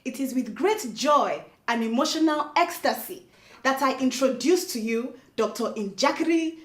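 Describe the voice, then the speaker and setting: A woman's voice: high-pitched, expressive, normal speed, reverberant. A woman co-hosting a comedy talk show, introducing the host and chiming in with short reactions.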